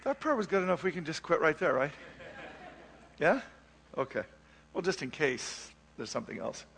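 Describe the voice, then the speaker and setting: A man preaching in a church with a high, bright voice. He talks to the congregation in a loose, conversational way. He stays animated and now and then sings out a musical phrase. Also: moderate pace, creaky, a little hiss or hum. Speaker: pastor. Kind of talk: sermon.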